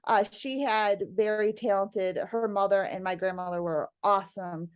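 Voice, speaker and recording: A middle-aged woman, a guest, telling a family story in casual chat, animated and laughing often, acting out what her family said. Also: medium pitch, moderate pace, clear, resonant tone.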